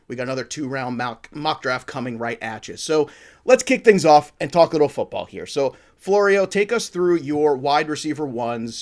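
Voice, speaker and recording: A man hosting a fantasy football talk show, joking and enthusiastic, with a rambling, playful manner. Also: mid-range voice. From Italian-American family. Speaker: podcast host. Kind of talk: upbeat sports talk.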